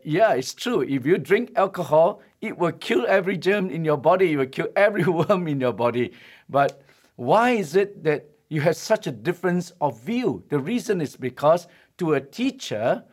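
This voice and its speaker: A man in the pulpit preaching to his congregation, his voice sitting a little higher than most men's. He tells a story with emphasis and slows down to drive his main points home. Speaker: pastor. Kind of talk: sermon.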